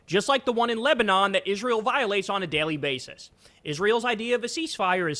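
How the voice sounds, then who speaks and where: A man's voice: high-pitched, lively intonation, normal speed, pushed and bright, a little hiss or hum. A man streaming political commentary, reacting to a clip with heated, scornful ranting.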